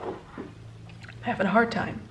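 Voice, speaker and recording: Young woman, beauty vlogger, rambling, halting, weary, confiding, casual chat. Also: slight background noise. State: emotionally exhausted. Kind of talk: casual makeup tutorial chat.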